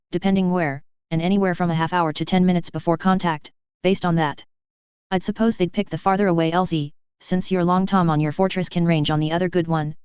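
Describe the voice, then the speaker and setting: A woman narrating a military science fiction story, reading every character in the same steady, even voice. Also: on the low side, clear, resonant tone, no echo, lo-fi sound. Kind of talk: audiobook narration of web fiction.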